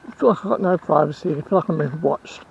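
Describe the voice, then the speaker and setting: A man's voice: on the high side, fast, creaky, dull audio, slight background noise. A man with an Australian accent, rambling and complaining in a casual vlog rant, repeating himself as he goes. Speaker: vlogger and house sitter.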